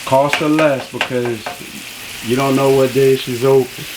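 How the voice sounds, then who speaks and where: A man's voice: medium pitch, steady tone, measured pace, very noisy. A man hosting a casual food review in a kitchen, chatty and folksy, often saying "you know". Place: home kitchen beside the stove. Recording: loud frying sizzle behind.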